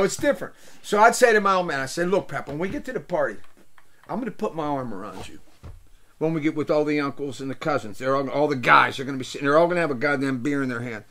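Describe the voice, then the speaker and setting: An older man, host of a show, telling rambling, comic stories in casual chat, swearing freely and swinging from loud to soft. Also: fairly high pitch. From Pittsburgh area, USA. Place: small indoor room.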